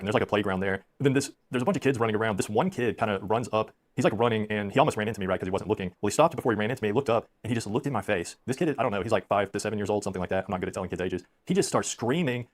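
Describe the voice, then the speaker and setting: Fast-talking, self-deprecating man. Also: on the low side. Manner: rambling, self-deprecating anecdotes. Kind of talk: storytelling on a stream.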